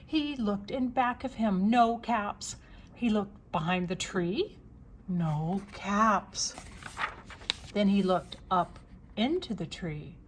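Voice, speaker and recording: Older lady reading a kids' story real slow, asks the listener stuff, faint hum behind. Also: mid-range voice. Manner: slow and expressive, pausing to ask the listener questions. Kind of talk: reading a picture book aloud to children.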